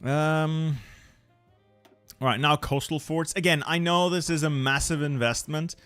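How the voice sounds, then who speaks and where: A gaming channel host gives casual commentary on his strategy game, chatting with viewers, answering them and muttering repeated words as he plans. His fairly high, steady voice is a little slow, fairly bright and clean, with faint music behind.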